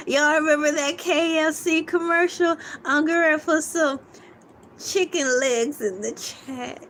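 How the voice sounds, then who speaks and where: A woman's voice: high-pitched, lively intonation, slow pace, bright, forceful tone, a little hiss or hum. A woman hosting a casual livestream, chatty and playful, laughing often and reading viewer comments aloud. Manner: giggly and playful, laughing often between lines. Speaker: livestream host.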